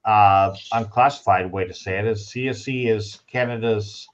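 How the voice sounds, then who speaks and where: A man hosting a podcast in casual chat, telling stories with lively acted-out quotes. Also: fairly low pitch, normal speed. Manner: animated storyteller, acts out quoted dialogue. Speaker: podcast host. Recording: dull lo-fi sound.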